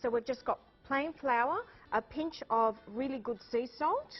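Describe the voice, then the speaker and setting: A woman's voice: sits high, measured pace, soft background music. An Australian woman, a guest chef, chatting cheerfully through a cooking demonstration. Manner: cheerful, laughs often. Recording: dull lo-fi TV audio.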